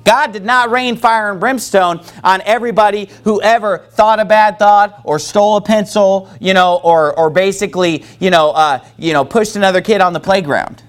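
A man's voice: sits high, moderate pace, hardly any pauses. A man preaching a sermon as pastor, quoting scripture and asking the congregation questions. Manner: preaching with call-and-response from the congregation.

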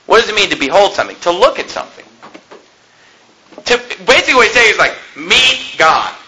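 A man preaching a sermon as pastor, emphatic, with repeated phrases and sudden loud peaks. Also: high-pitched, big pitch swings, fast talker, poor audio.

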